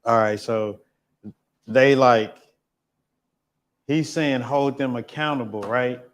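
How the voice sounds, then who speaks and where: A man hosting a casual chat, pausing a video and recapping it with halting fillers. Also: mid-range voice. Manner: relaxed, recaps the clip with fillers. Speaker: host reacting to a clip.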